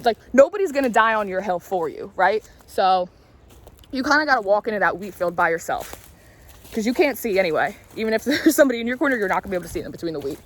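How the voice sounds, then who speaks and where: A woman in her late twenties telling candid, rambling stories in a casual vlog, confiding and swearing now and then as she walks. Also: mid-range voice. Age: late 20s. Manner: talks while walking. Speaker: tarot reader and spiritual vlogger.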